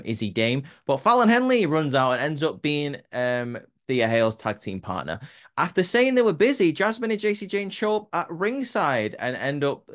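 A man's voice: mid-range voice, fairly bright tone, clean tone. A man casually recapping a wrestling show, rambling with many fillers and restarts. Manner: rambling, many ums and restarts, laughs at own jokes.

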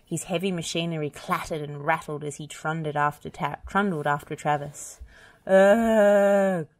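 A woman reading a children's picture book aloud, gentle and expressive. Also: deep voice, moderate pace. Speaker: storybook reader. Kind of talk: children's read-aloud narration.

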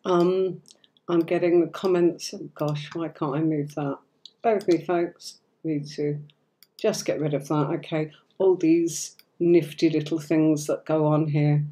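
A woman with a cold and a hoarse voice, hosting a live tarot stream and chatting affectionately while she sorts out the software. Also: sits low, fairly even intonation, measured pace.

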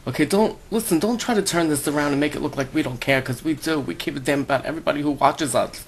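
A man's voice: on the high side, quick pace, a little hiss or hum, close to an everyday voice. A man playing a touchy, defensive woman vlogger. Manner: defensive, exasperated.

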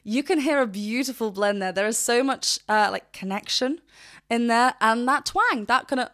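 A woman's voice: on the high side, expressive, normal speed, a bit bright. A woman vocal coach giving a casual reaction commentary, chatty and rambling, correcting herself mid-sentence and laughing often.

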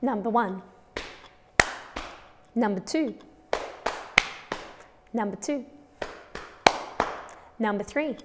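A woman's voice: a little high, extremely slow, pauses often, long reverb tail, very noisy. A woman with an Australian accent teaching a children's music lesson, counting patterns aloud and encouraging the class.

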